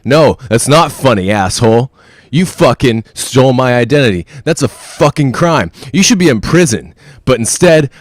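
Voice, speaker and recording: A man's voice: dry recording, clean studio sound, close to an everyday voice. A man ranting as a furious self-proclaimed real celebrity. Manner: profane, threatening rant with mocking falsetto asides. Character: furious self-important man claiming a stolen identity. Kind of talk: comedic voicemail character.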